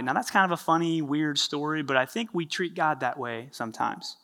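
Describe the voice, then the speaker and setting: A male pastor giving a sermon, telling a story in an animated, conversational way. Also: a little high, fairly quick, few pauses.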